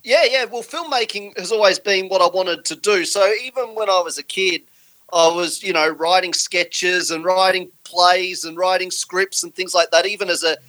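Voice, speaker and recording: Man, Australian accent, filmmaker guest, relaxed, joking, high voice. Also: moderate pace, low-quality recording. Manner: relaxed, joking, says "uh" often. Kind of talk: casual interview answers.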